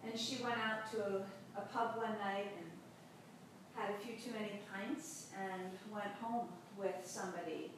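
A woman pastor giving a sermon, telling a story in a slow, measured way with long pauses. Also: medium pitch, fairly even intonation. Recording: very echoey hall, distant mic, faint noise.

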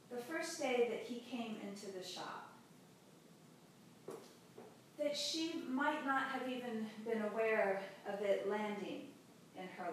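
A woman pastor delivers a sermon in a slow, measured storytelling voice, pausing often. She sounds distant from the microphone, and her voice rings through a very echoey hall with faint background noise. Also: a little high.

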